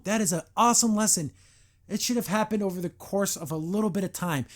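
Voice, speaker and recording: Animated man reviewing a cartoon episode. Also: high voice, fast. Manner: animated, digressive, mock-exasperated. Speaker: podcast host.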